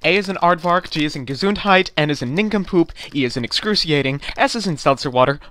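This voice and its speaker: A coolly condescending female records clerk, played by a man in an amateur radio-play performance. She speaks quickly with a lively, swooping pitch and a slightly raised voice. The recording is dry and close. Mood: deadpan officious. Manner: deadpan, pedantic, coolly condescending. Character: officious, unhelpful female DMV clerk. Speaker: voice actor.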